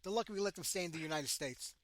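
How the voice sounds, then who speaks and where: A man's voice: high-pitched, racing, a bit bright. A man hosting a radio interview, chatty and jokey with his guest. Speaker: radio show host. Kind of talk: casual interview.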